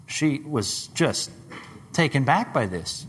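A man preaching a sermon, dramatic, rising to loud high questions and dropping to hushed low tones. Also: very animated, very slow, breathy edge. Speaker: pastor. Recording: long hall reverb.

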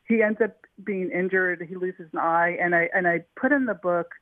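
A woman's voice: lowish voice, normal speed, no echo. Woman author telling stories over the phone. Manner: eager, with frequent restarts and fillers. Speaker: author being interviewed. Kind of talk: animated storytelling in an interview. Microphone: telephone. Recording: tinny phone line, dry.

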